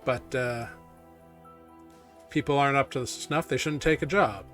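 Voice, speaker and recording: A man playing a wary, gruff tavern keeper in a tabletop game, talking curt and folksy. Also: medium pitch, normal speed, a bit bright, soft background music, close to an everyday voice.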